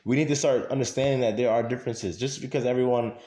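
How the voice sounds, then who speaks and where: A man's voice: mid-range voice, steady tone, quick pace, warm tone. A man in a casual monologue to camera, talking emphatically with many fillers and repeating his points. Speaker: vlogger. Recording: echoey room.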